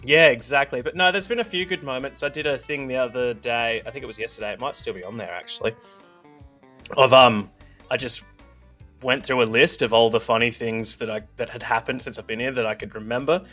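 A man's voice: medium pitch, fairly quick, sharp tone, faint music behind. A young man co-hosting a podcast in casual chat, laughing often and poking fun at himself. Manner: laughs often, chatty and self-mocking. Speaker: podcast co-host.

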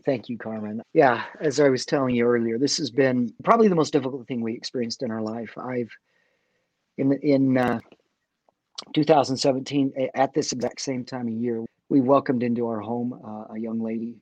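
A man's voice: mid-range voice, steady tone, moderate pace, a little mellow, no room sound, highs cut off. A middle-aged man talks earnestly about faith as an interview guest. He stops and restarts his sentences as he thinks, in a mid-range voice. The recording is close and dry. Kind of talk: faith conversation.

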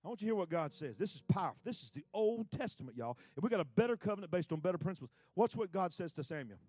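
A man preaching with a very high, strained voice that keeps surging into shouts, then dropping to quiet, folksy asides. The sound is close and dry, with no room around it. The delivery is fervent and colloquial throughout. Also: animated, very fast, breathy edge, no echo. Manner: fervent, emphatic, swings between shouting and hushed asides. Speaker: pastor. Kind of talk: sermon.

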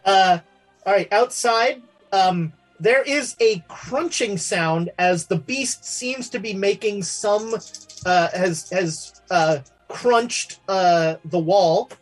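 Game master, male, slow halting narrator, faint music bed. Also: sits high. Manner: halting, many fillers and restarts.

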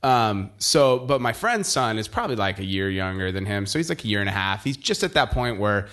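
A man telling funny stories about his young son in a casual chat, animated and laughing often. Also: on the low side, a little fast.

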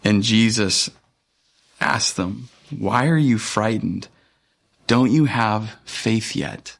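A man, a pastor, giving a conversational and earnest sermon with frequent pauses and fillers. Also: on the low side, vocal fry.

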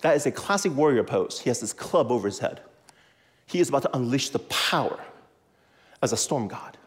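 A man preaching to a congregation in a lively, conversational way, repeating phrases for emphasis and leading the audience to say words back. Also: medium pitch, brisk. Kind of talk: animated sermon with audience call-and-response.

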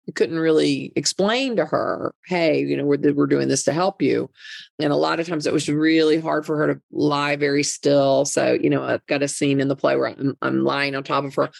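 A middle-aged woman talks in an earnest, emphatic way, circling back and repeating words when moved. Her voice carries a gravelly, fry-tinged edge. The sound is close and dry. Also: low-pitched, fairly even intonation, normal speed, no room sound. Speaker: guest, mother and advocate. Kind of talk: conversational interview.

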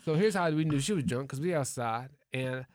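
A man who is a comedian, telling a story in casual chat in a lively, slangy, profane way. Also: medium pitch, a little fast, no echo.

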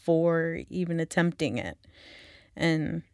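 A woman hosting a podcast speaks slowly and deliberately, thinking through each point. Her low voice carries a gravelly fry. The recording is dry and close, with no room echo. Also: lively intonation, darkish tone. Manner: slow, measured and thoughtful. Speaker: podcast host. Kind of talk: reflective interview conversation.

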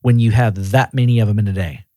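A man with a low voice talks through leadership advice in a relaxed podcast conversation. His delivery is easygoing and conversational. The recording is dry and close, with no room echo. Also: quick pace. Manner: relaxed and conversational, often acting out quoted voices. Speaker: regional director of auto repair shops, podcast guest.

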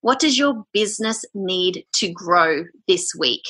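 Bright, husky-voiced woman. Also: medium pitch, measured pace. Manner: frank, energetic, chatty. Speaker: podcast guest. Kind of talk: casual podcast interview.

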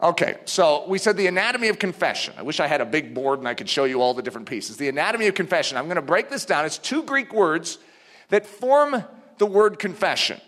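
Male preacher, animated and emphatic, sharp bright tone, long hall reverb. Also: a little high, quick pace. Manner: animated, emphatic, conversational teaching. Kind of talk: sermon.

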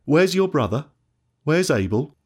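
A man voicing God as a stern yet caring male deity, speaking in grave, measured warnings in a storybook reading. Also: fairly high pitch, very animated, husky, heavily acted.

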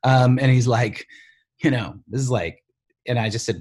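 A man's voice: medium pitch, normal speed, darkish tone. A middle-aged man from the Bronx, a screenwriter, telling his story loosely in an interview, full of "you know" and "like". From the Bronx, New York. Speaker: screenwriter guest.

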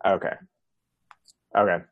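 A man's voice: a little slow, no echo, narrow, tinny audio. A man playing in a tabletop game, talking casually and asking tentative questions. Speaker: player.

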